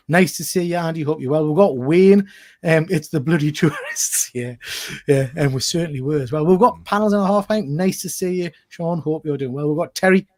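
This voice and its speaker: A male host chatting casually on a livestream, joking and reading out viewer comments with lots of repeated phrases. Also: on the high side.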